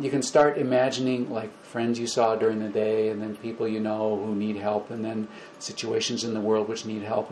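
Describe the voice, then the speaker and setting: Gentle man teaching a small group. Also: medium pitch, a little hiss or hum, poor audio. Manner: gentle, repetitive, animated when acting out examples. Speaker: spiritual teacher. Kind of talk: informal lecture to a small group.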